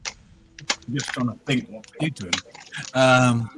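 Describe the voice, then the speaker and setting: A man's voice: mid-range voice, a little slow, noisy background. A man playing a tabletop game, hesitant and thinking aloud with ums. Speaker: player.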